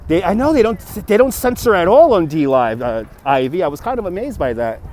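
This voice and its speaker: His voice sits high, very animated and a little fast, with a darkish tone. The man, a livestream host from Brooklyn, New York, chats casually outdoors next to a city river with his phone on a gimbal, reading viewers' messages out loud and thanking donors.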